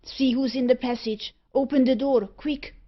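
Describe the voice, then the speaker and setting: A woman's voice: high-pitched, steady tone, normal speed, highs cut off, voice pushed up. A woman reading the part of a fearful male ruffian who speaks urgently. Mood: alarmed. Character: alarmed male ruffian, the Sandman.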